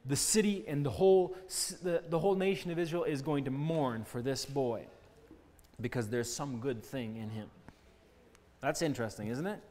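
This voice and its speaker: A man's voice: on the high side, darkish tone. Man, pastor type, children's Bible lesson, earnest, asks the kids questions, recorded in a hall with reverb. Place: church hall. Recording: long church-hall reverb.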